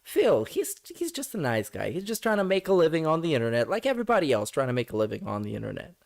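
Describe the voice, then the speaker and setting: A man's voice: fairly high pitch, huge pitch swings, fast talker, gravelly. Mocking, profane male reaction streamer. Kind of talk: sarcastic reaction commentary.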